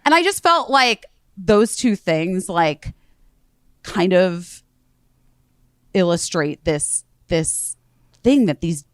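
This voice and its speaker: A woman hosting a podcast, telling a story in casual chat, animated, acting out what others said and swearing freely. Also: on the low side, slow, pauses often, no echo, clean studio sound. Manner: animated retelling, acts out quoted voices, swears freely. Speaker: podcast host.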